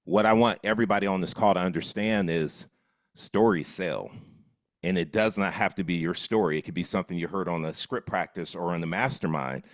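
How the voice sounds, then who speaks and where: A man running a live coaching session on a video call, energetic and instructive. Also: sits low, a little fast, no echo, studio quality. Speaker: real estate coach.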